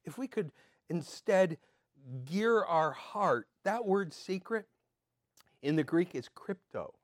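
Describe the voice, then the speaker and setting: An older man giving an earnest sermon as a pastor, swinging between emphatic and soft. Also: high-pitched, lively intonation, slow, no echo, clean studio sound.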